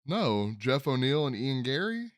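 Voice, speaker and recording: A man's voice: medium pitch, sing-song, unhurried. A man hosting a casual sports podcast, chatting loosely and tripping over hard names as he reads them out. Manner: rambling, stumbles over fighter names. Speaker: podcast host.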